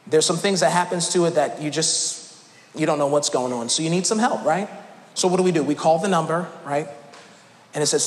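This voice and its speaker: A male pastor preaching with playful, animated storytelling and sudden shouted bursts. His voice sits high for a man, bouncing around a roomy church hall with a long echo and a clear layer of background noise. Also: brisk. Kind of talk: humorous sermon storytelling. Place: church sanctuary.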